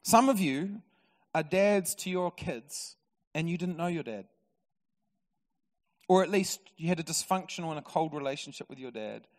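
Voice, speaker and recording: A man preaching a sermon in a church, lively and storytelling with touches of humour. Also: a little high, moderate pace, long pauses. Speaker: pastor. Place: church auditorium. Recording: long reverb of a church hall.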